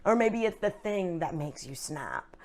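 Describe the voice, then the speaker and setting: A woman's voice: lowish voice, animated, measured pace, darkish tone. A woman, an actress, speaking openly and earnestly about her feelings in a casual interview chat, with plenty of fillers. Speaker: actress, guest.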